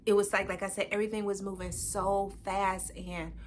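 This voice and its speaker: Animated woman telling a story. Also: mid-range voice, a little fast, slight background noise. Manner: animated, acts out quoted dialogue, frequent "I'm like". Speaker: podcast co-host. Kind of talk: casual storytelling.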